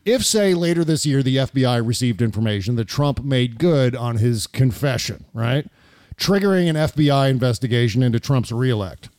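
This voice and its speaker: A man's voice: medium pitch, lively intonation, normal speed, darkish tone, dry recording, studio quality. A man hosting a political talk radio show, ranting and joking with his co-hosts.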